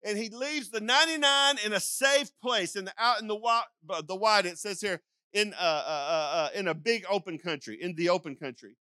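An older male pastor tells a sermon like a folksy story, rambling through asides and acting out calls. His voice sits high and bright. The sound is close and dry. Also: normal speed, few pauses, clean tone, no room sound. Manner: rambling with frequent restarts and asides.

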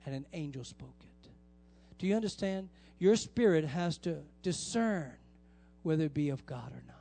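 Male pastor, sermon, emphatic, repeats key lines, fairly high voice. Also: a little mellow, no echo. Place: church sanctuary.

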